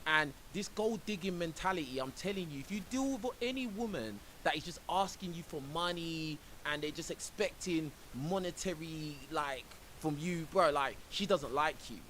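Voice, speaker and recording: A man's voice: a little high, expressive, normal speed, few pauses, a bit bright, poor audio. A man streaming and reacting to a clip, ranting indignantly and saying "bro" a lot. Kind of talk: reaction commentary on a livestream. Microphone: own microphone. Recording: faint hiss.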